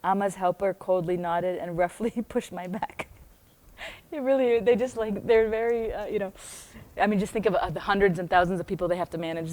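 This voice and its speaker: Animated American woman reading her story aloud. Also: mid-range voice, brisk. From United States. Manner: animated, laughs often, breaks off into chatty tangents. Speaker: book club host reading her own book aloud. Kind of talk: reading aloud with casual asides.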